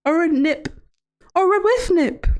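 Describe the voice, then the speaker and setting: A woman streaming live in character as a teasing female villain therapist, talking in a mock-sweet, menacing, drawn-out way to her chat. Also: very high-pitched, expressive. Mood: playful teasing. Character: creepy, teasing female villain therapist hosting cruel trials.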